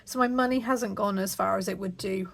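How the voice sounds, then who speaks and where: A woman hosts her own budgeting channel from home, talking casually to the camera in a chatty, rambling way full of ums. She's slightly out of breath, with a medium-pitched, brisk voice and vocal fry.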